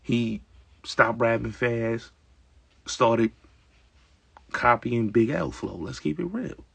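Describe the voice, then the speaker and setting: Man, very gravelly raspy voice, host talk, emphatic streetwise monologue. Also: mid-range voice, slow pace, no echo. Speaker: show host. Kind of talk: casual opinionated monologue.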